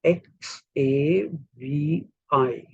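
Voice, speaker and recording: A man from India lecturing a class in a slow, deliberate way, spelling words out letter by letter. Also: a little high, gravelly, a little mellow, slightly rough, no echo, lo-fi sound.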